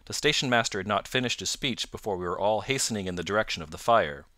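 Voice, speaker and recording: A man narrating an audiobook in a steady, formal storytelling manner. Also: lowish voice, fast, dry recording, clean studio sound. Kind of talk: scripted narration.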